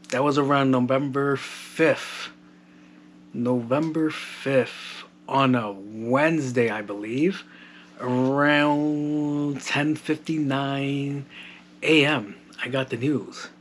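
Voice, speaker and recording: A man's voice: mid-range voice, a bit bright. A man hosting a casual solo podcast from home, loose and joking, swearing freely, on a modded home mic. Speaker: podcast host. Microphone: modded home microphone. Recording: faint household background noise. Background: household background noise.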